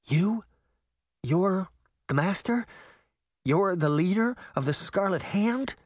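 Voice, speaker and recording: Man doing a fiery, indignant young girl, raised and lively, for a storybook reading. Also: high voice, measured pace, dry recording, studio quality, pitched above the performer's own voice. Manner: heated and indignant.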